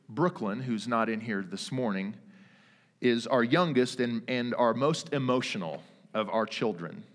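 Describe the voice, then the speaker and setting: A man in his thirties preaching a sermon, earnest and emphatic, with dramatic pauses. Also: mid-range voice, a bit bright. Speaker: pastor. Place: church sanctuary. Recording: long reverb of a church hall.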